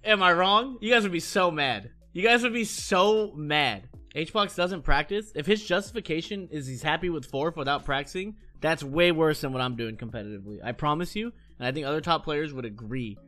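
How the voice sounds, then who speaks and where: A man's voice: mid-range voice, bright, forceful tone. A man in his thirties ranting heatedly in casual chat on his stream, swearing often and restarting his sentences. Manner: heated, profane, fast rambling with many restarts.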